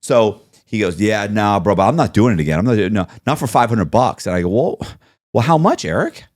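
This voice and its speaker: A man with a low voice tells his story at a relaxed, conversational pace, jumping up into quoted voices as he plays out old exchanges. The recording is close and dry, with no room sound behind him. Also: brisk, dry recording. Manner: animated storyteller acting out both sides of conversations. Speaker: podcast guest telling his story. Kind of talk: casual storytelling interview.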